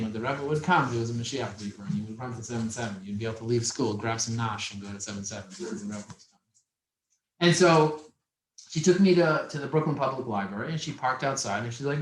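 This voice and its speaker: A man's mid-range voice echoes around a classroom as he teaches business to a roomful of young men, livening things up with stories and questions for the room. The recording is rough, reverberant, and carries slight background noise.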